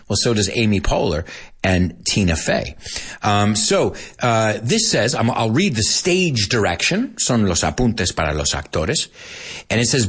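A man with a low, husky voice runs an English lesson, explaining each new word in Spanish as well. His delivery is highly animated, and his pitch leaps up and down as he goes. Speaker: English teacher. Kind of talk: bilingual language lesson.

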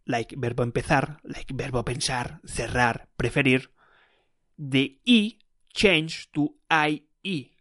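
A man's voice: medium pitch, fairly bright tone, dry recording, clean studio sound. A man teaching a beginner Spanish lesson on a podcast, explaining patiently and repeating words as drills.

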